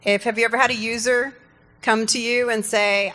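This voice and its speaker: A woman co-presenting a comedic conference session, quick to agree and chip in with asides. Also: fairly high pitch, fairly even intonation, pushed and bright, in a large hall.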